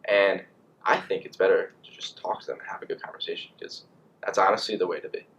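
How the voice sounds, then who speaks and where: A young man in college vlogging casually, rambling and animated with lots of fillers. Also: sits low, fast, muffled recording, slight background noise. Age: young adult. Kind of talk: casual monologue to camera.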